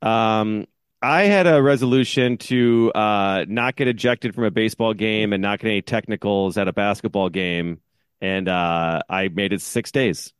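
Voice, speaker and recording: A man's voice: fairly low pitch, moderate pace, clear, resonant tone, dry recording, studio quality. A man co-hosting a podcast, telling a self-mocking rant in casual chat. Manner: self-mocking, ranting storyteller. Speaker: podcast co-host.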